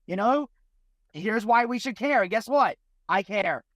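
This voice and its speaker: A man's voice: sits high, animated, a little slow, a bit bright, no room sound. A man co-hosting a podcast, making emphatic points and posing rhetorical questions in casual discussion. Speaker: podcast co-host.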